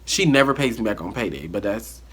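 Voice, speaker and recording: A man telling a story from his life in a casual vlog monologue, animated and acting out the dialogue. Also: fairly low pitch, fairly quick, slightly rough.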